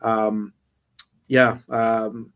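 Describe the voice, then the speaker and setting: A man's voice: lowish voice, little pitch movement, drawn-out words, a bit bright, clear, resonant tone. A man hosting a podcast, chatting in an affirming, reflective way with frequent ums and restarts. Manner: affirming, reflective, hesitant with fillers. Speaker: podcast host. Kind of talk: casual interview chat.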